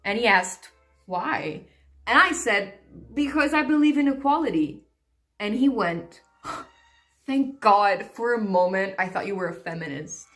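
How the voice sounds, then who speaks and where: Deadpan woman telling a story, faint music behind. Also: mid-range voice, unhurried. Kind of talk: casual storytelling.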